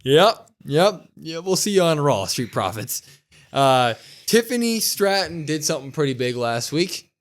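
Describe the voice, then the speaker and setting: A young man co-hosting a podcast, recapping a wrestling episode in casual, animated chat. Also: on the high side, measured pace. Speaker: podcast co-host.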